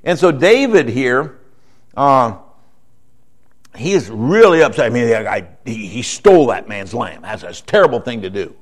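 A man preaching a sermon in a conversational way, often checking in with the room and moving between quiet explanation and emphatic points. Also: sits high. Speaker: pastor.

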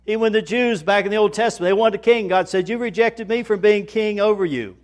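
A man preaching a sermon in a folksy manner, building to loud, emphatic repetition. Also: high-pitched, fast. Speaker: pastor.

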